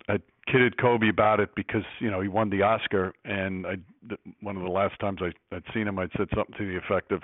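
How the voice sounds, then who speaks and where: A man's voice: fairly low pitch, no room sound. A man who works as a sports broadcaster telling stories in a reflective way as an interview guest. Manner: reflective, storytelling. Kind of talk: casual interview. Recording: tinny phone-like line.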